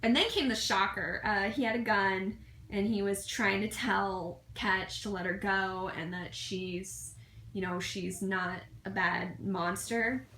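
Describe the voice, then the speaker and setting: A woman chats through a fan fiction review in an excitable, gushing way, with plenty of ums and restarts. Her voice sits at an ordinary middle pitch. The room around her is echoey, with a faint hum of ambient noise underneath. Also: slow pace.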